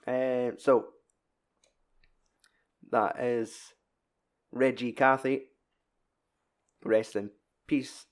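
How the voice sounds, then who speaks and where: A man's voice: mid-range voice, flat delivery, drawn-out words, pauses often. A man co-hosting a podcast in casual, rambling chat, often correcting himself. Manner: rambling, chatty, self-correcting. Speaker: podcast co-host.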